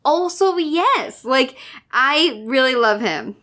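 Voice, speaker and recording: Lively high-voiced gushing woman. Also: slow. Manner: gushing, enthusiastic, swears casually. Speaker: podcast co-host. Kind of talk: casual chat.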